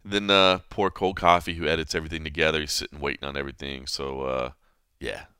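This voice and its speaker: A man hosting a podcast, telling a story in a casual, animated way, full of fillers like "man" and "you know", acting out the people he quotes. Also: very deep voice, fast, clear, resonant tone, no room sound, clean studio sound. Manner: animated storyteller who acts out quoted voices. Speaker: podcast host.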